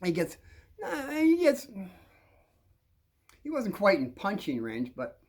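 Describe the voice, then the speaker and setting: An older man telling a story in a lively, wandering way. His pitch climbs and dips all over as he gets into it, and he loops back on himself. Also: takes it slowly. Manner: rambling, animated, frequent restarts and laughs. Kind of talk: casual storytelling.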